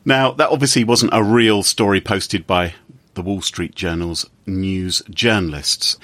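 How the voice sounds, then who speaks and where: A man talks through the week's news in a casual podcast chat. His voice is a little husky and swings widely in pitch. His delivery is lively and sarcastic. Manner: sarcastic, animated storytelling. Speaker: podcast co-host.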